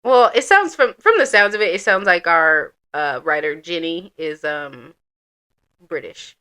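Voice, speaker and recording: A woman co-hosting a podcast in casual, expressive, teasing chat. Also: fairly low pitch, measured pace, smooth. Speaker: podcast co-host, story reader.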